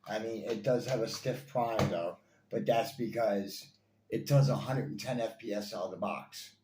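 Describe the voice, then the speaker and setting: A man's voice: fairly low pitch, normal speed, darkish tone. A man reviewing toy blasters in casual chat, enthusiastic and rambling, with lots of fillers and repeats. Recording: echoey room, faint ambience.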